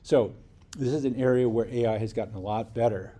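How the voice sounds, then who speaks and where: A man's voice: medium pitch, a little fast, dark tone. A man giving a university lecture in a conversational way, often restarting sentences and checking in with the class. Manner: conversational, with restarts and rhetorical "right?". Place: lecture hall.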